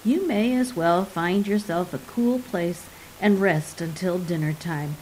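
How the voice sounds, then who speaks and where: A woman's voice: fairly low pitch, unhurried, darkish tone, a little hiss or hum, close to an everyday voice, rough recording. A woman voicing a weary, self-pitying old male wizard in a storybook reading, speaking in a dry, mildly martyred manner. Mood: kindly.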